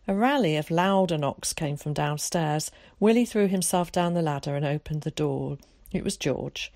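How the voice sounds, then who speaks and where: A woman narrating an audiobook in a calm, measured way. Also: low-pitched, dry recording, studio quality.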